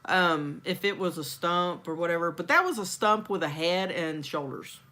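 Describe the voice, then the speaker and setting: A woman from Texas, chatting as a host. Her voice is bright and lively, and she acts out other people's lines as she tells stories. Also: lowish voice, normal speed. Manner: animated storyteller, acts out quotes. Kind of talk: casual chat.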